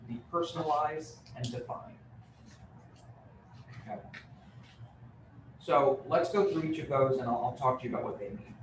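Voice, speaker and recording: A man giving a live real estate training talk, conversational and joking, with many fillers. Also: medium pitch. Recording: roomy, distant mic with room noise.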